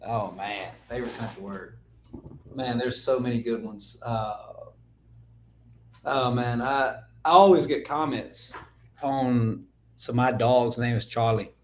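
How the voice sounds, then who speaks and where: A young man with a Southern US drawl talks through his background as a podcast guest, easygoing and chatty. His speech stays loose, sprinkled with casual fillers, at an everyday middle pitch. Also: slow pace, darkish tone, a little hiss or hum. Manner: laid-back storytelling, loose with fillers like "man" and "like". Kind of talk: casual interview chat.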